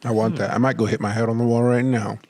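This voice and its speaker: A man's voice: mid-range voice, level tone, fast, darkish tone, no room sound. A middle-aged man co-hosting a casual podcast chat, telling jokey stories and laughing often. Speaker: podcast co-host.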